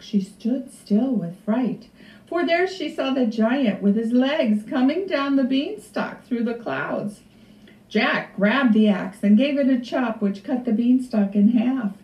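A woman librarian reading a storybook aloud to children in an expressive, unhurried way. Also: on the high side. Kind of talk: storybook read-aloud for kids. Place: library room. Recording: echoey room, far from mic, dull.

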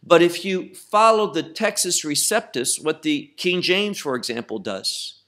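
A middle-aged male Bible teacher with a somewhat high voice that rises and falls a great deal. He speaks slowly and with emphasis, repeating phrases for stress as he works through a text verse by verse. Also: animated, bright, forceful tone.

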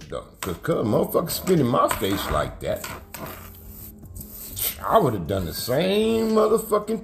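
A man recounts his past in blunt, profane street slang. His pitch swings widely and his voice rises when he gets heated. Faint music plays underneath. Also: creaky. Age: 50s. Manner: profane street slang, says cuz constantly; heated, raises voice when agitated. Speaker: interviewee telling prison stories. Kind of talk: casual storytelling rant.

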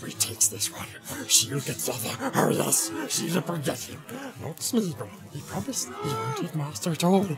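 A man's voice: high-pitched, wildly swooping pitch, normal speed, pauses often, pitched above the performer's own voice, exaggerated voice. A man voicing a wretched, spiteful male creature who hisses, half-whispers and gloats to himself, over background music. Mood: gloating hiss. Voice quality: hissing, gravelly, half-whispered.

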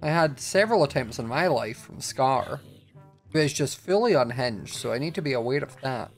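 A man giving chatty, excitable gameplay commentary as he plays, often laughing. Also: medium pitch, normal speed, faint music behind. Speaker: Minecraft video creator.

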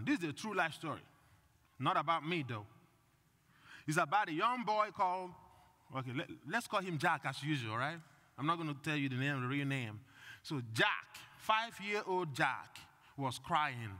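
A man's voice: fairly high pitch, sharp tone. A male priest giving a conversational sermon and putting questions to the congregation. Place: church. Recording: long reverb in a church.

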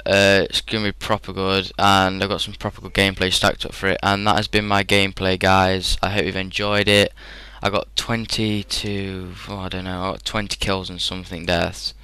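A teenage man with a British English accent rambles through a casual gaming commentary. His slightly low voice sounds bright and clean. The recording is dry and close, with no room echo. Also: flat delivery, normal speed, few pauses, clear, resonant tone. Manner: rambling, chatty, frequent fillers and laughs. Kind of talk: casual storytelling over gameplay.

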